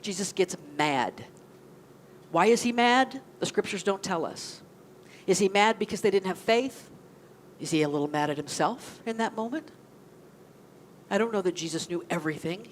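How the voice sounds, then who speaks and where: A woman's voice: fairly low pitch, moderate pace, slight background noise. A woman minister gives a sermon in a conversational way, often asking the congregation questions. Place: church sanctuary.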